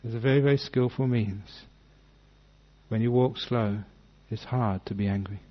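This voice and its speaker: Casting: male Buddhist monk, mid-pitched, measured teaching delivery, dull lo-fi talk recording. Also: fairly even intonation. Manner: unhurried, reads text then explains with gentle humour. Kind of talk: dhamma talk reading and explaining a sutta.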